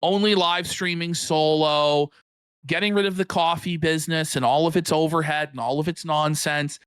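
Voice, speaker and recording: A man's voice: on the high side, normal speed, smooth, no echo. A man co-hosting a live stream, mocking and ranting at length in sarcastic commentary. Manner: mocking, animated, rants at length. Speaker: co-host.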